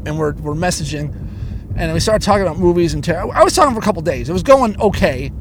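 A man's voice: high-pitched, animated, quick pace, a little hiss or hum. A man hosting a podcast, ranting heatedly in casual talk, swearing constantly and stumbling over restarts. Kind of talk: casual profane rant.

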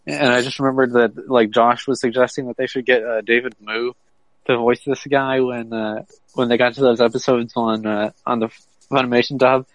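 A man co-hosting a casual podcast, chatting loosely, laughing often and slipping into gruff put-on voices. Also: medium pitch, little pitch movement, normal speed, no room sound, low-quality recording. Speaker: podcast co-host.

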